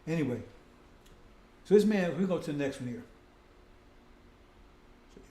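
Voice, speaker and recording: High-voiced preacher in an echoey room. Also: male voice, expressive, a little slow, mellow. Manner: repetitive, keeps asking "see?" and "right?"; addresses "brothers and sisters". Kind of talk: sermon. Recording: roomy echo.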